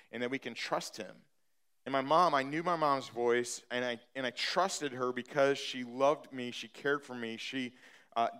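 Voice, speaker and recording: A man's voice: medium pitch, fairly bright tone, clear, resonant tone. A middle-aged man preaching a sermon, telling a personal story in a conversational way with many fillers and restarts, building to emphatic points. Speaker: pastor.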